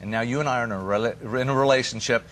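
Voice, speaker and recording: A man as a therapist guest on a TV talk show, giving relationship advice in an animated, storytelling way. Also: mid-range voice, very fast, a little hiss or hum. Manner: animated storyteller who acts out quoted voices.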